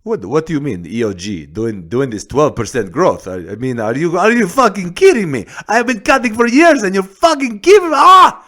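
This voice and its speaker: A man putting on an angry Russian oil boss with a deliberately bad, exaggerated accent, yelling in outrage. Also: on the high side, very animated, pitched above the performer's own voice, full character voice. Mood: furious.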